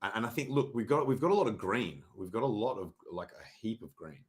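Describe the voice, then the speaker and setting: A young adult man hosting a casual livestream, sarcastic and mock-dramatic, swearing freely and often clearing his throat. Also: fairly low pitch, animated, brisk. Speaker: livestream host reviewing crypto charts. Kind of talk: casual livestream chart talk.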